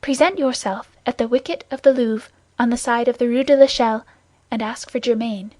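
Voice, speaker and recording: Woman reading frightened young woman, urgent pleading tone, higher voice, dry close audiobook sound. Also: fairly quick, dark tone, no echo, close to an everyday voice.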